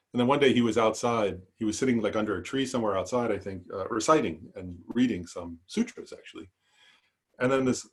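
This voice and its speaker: A man's voice: lowish voice, slightly rough. A man teaching an online Buddhist class, hesitant, with many fillers, asides and "right?". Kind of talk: online dharma class lecture.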